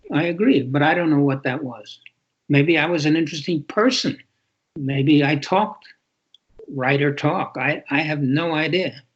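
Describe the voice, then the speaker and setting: An older man, a guest author, telling reflective stories in a podcast interview and often restarting his sentences. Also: fairly high pitch. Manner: reflective storytelling with frequent restarts. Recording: dull lo-fi sound.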